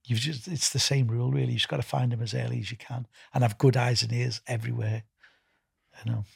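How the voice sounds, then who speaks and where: A man's voice: mid-range voice, little pitch movement, fast talker, creaky, slightly rough, no echo, clean studio sound. A middle-aged man with a Liverpool accent answering interview questions in a rambling, casual way, repeating words and filling gaps with "you know". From England. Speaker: festival founder and music executive.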